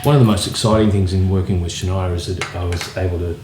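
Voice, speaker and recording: A man, a guitarist telling anecdotes in a relaxed, casual way with plenty of fillers. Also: low-pitched, fast talker. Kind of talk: casual interview storytelling. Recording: roomy echo, faint music.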